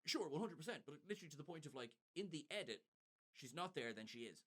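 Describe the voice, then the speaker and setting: A man's voice: a little high, sing-song, a bit bright, breathy edge. Wry man recapping on a podcast. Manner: wry, sardonic, quick asides. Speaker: podcast co-host. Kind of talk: casual podcast chat recapping an episode.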